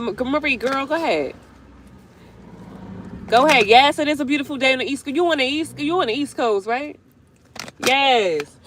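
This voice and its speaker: A woman's voice: on the high side, a little hiss or hum. A young woman giving a live-streamed tarot reading outdoors beside a road, talking in a chatty, slangy, emphatic way. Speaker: tarot reader.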